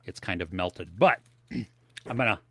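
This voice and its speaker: Speaking from a home office setup, this podcast co-host has a deep, bright voice with a forceful tone and an unhurried pace, recorded with no echo. He rambles through casual chat on a live movie stream while sampling snacks on air.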